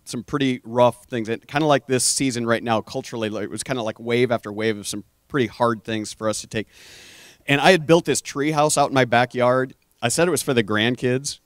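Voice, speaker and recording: A man's voice: mid-range voice, dry recording, clean studio sound. Earnest middle-aged male preacher. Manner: earnest storytelling, drops to a hush for emphasis; addresses the audience as "guys". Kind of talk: conversational sermon.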